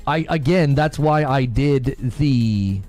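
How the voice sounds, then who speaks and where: A man talking in a casual podcast chat, measured and polished, with a self-deprecating touch. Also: mid-range voice, darkish tone, faint music behind.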